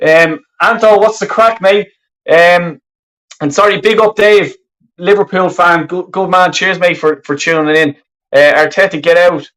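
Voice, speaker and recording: Furious swearing football fan. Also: male voice, high voice, steady tone, measured pace, fairly bright tone, rough recording. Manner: furious, swearing heavily, rambling. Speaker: fan channel host. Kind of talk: angry live fan reaction stream. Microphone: webcam.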